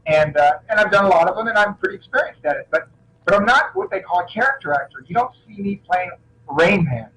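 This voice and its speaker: A middle-aged man with a high voice and a lively, swooping delivery tells stories as a guest in a casual interview. He is an action film actor who keeps restarting his sentences, his pitch leaping up and down as he goes. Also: quick pace, rough recording. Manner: animated anecdotes, frequent restarts.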